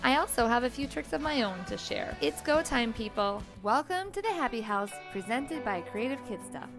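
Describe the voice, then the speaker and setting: A woman's voice: fairly high pitch, sing-song, normal speed, over music. A middle-aged woman hosting a family show, bubbly and enthusiastic as she introduces guests and asks questions. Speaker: host. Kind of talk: upbeat show hosting and interviewing.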